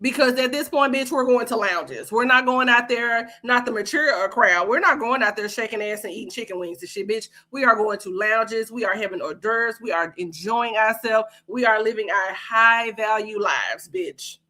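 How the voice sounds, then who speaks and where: Brief: a woman host with a bright, forceful voice, sassy and profane, chatting live. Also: a little high, normal speed, hardly any pauses. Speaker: podcast host. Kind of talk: casual livestream commentary.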